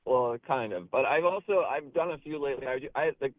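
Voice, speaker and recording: A man's voice: medium pitch, brisk, no echo. A man calling in to a show, talking earnestly and hesitantly with trailing sentences. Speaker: caller. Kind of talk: casual phone chat. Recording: tinny phone line.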